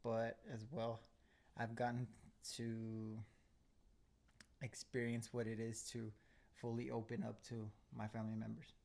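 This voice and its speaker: A man's voice: mid-range voice, completely flat delivery, measured pace, vocal fry, a little mellow. Laid-back young man on a podcast. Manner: laid-back, says "bro" and "um" a lot, laughs often. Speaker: podcast host. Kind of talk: casual podcast chat.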